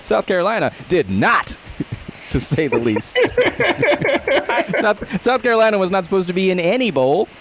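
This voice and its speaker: A man's voice: sits high, wildly swooping pitch, measured pace, a bit bright, a little hiss or hum. A man co-hosting a sports podcast, joking and laughing often as he riffs in a mock-dramatic tone. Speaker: podcast co-host. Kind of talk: casual comedic chat.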